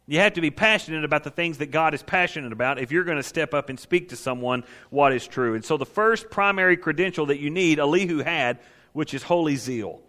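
This sermon on counseling comes from a man whose fairly high voice is brisk and sharp. He stresses his message by repeating key phrases, and a large hall lends it long reverb.

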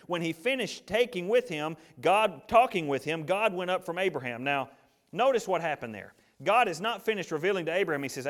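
A man's voice: a little high, lively intonation, fairly quick, fairly bright tone. A man preaching a sermon, reading scripture aloud and then commenting on it in an emphatic, conversational way.

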